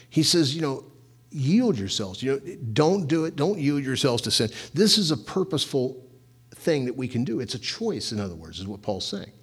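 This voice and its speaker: A man's voice: mid-range voice, a bit bright, slightly rough. A man preaching a sermon, telling personal stories in a loose, chatty way and laughing often. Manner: casual storytelling, laughs often.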